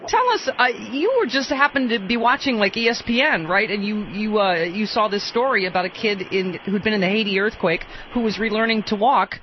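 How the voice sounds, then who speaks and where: A woman's voice: medium pitch, fairly quick, few pauses, dull audio, slight background noise. A woman hosting a radio talk show, chatty and emotional, laughing often. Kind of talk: casual radio chat.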